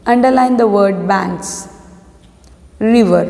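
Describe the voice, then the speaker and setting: A woman's voice: high-pitched, animated, measured pace, a little mellow. A woman schoolteacher giving an online lesson to young pupils. She reads a story aloud and keeps telling the class which words to underline. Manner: instructive, repeats directions to pupils. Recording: echoey room with long reverb.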